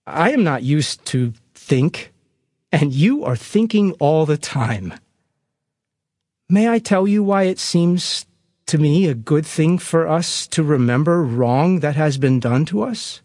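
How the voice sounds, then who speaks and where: A man voicing a humble, gentle young woman in a read-aloud story, softly and earnestly. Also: a little high, lively intonation, slow pace, no echo, clean studio sound.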